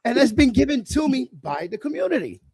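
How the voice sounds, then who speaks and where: Host type: middle-aged New man, high gravelly voice, blunt and profane, dry close sound. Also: brisk, no room sound. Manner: blunt, profane, animated storytelling. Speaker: livestream host. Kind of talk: casual chat.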